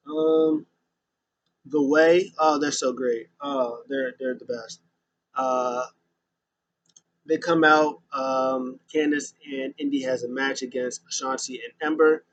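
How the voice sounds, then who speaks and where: Casual male host, mid pitch, loose and rambling, lots of ums. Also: moderate pace, poor audio. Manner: rambling, many fillers and restarts. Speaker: podcast host recapping wrestling. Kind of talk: casual recap.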